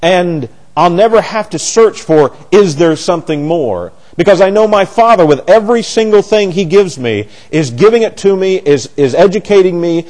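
Lively-voiced man preaching a sermon. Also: sits high, normal speed, hardly any pauses. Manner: animated, repetitive restarts, sarcastic asides.

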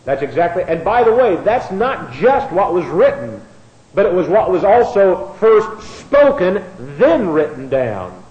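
A man's voice: high-pitched, very animated, measured pace, darkish tone, echoey room, lo-fi sound. A man teaching a bible class, spelling out words letter by letter and repeating himself as he explains.

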